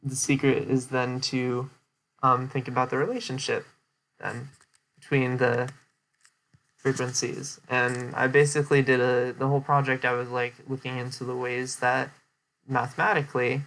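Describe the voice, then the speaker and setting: A young man talking through a presentation he gave in a loose, casual way. His pitch sits in an ordinary middle range, and his explanations wander, full of "um" and "like" and restarts. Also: level tone, moderate pace, a bit bright. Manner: rambling with many fillers and restarts. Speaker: streamer giving a presentation recap. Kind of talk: casual chat.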